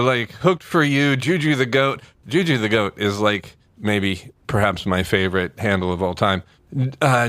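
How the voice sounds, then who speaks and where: A man's voice: medium pitch, a bit bright, no room sound. A man hosting a casual book podcast, joking and rambling with lots of fillers. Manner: rambling, jokey, many fillers. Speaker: podcast host. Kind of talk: casual chat.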